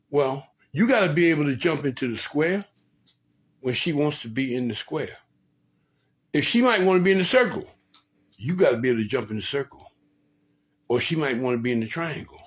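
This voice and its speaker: A man's voice: a little high, animated, brisk, long pauses, slightly rough, rough recording. A man hosting a late-night talk, giving relationship advice in a preachy way, often repeating and restarting phrases. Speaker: host.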